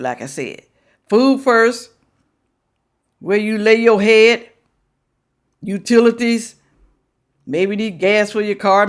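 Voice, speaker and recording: Woman hosting a reaction vid, scolding and lecturing, voice swings all over the place. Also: medium pitch. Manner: scolding, lecturing and repeating points. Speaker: reaction video host. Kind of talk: reaction commentary.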